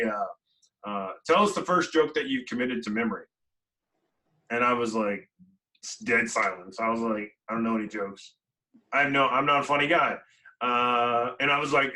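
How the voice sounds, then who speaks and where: A man recounts his experiences as a podcast guest, animated and chatty, using plenty of fillers and acting out the dialogue. His voice has a bright, forceful edge. He sits slightly back from the microphone. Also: mid-range voice, far from the mic, rough recording. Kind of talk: conversational storytelling.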